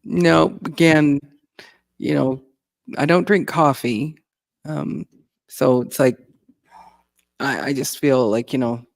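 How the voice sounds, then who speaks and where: A middle-aged woman with a gravelly, fry-edged voice, talking in a rambling, easygoing way. She chuckles often as she chats. The sound is dry and close to the mic. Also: rumbling low, takes it slowly, pauses often, no echo. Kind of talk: casual chat.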